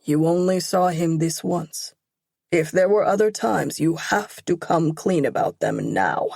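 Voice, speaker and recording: A woman narrator voicing a stern, protective father who speaks hard and measured in an audiobook. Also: fairly low pitch, expressive, creaky, a little mellow, breathy edge, no room sound, exaggerated voice. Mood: stern, gentle.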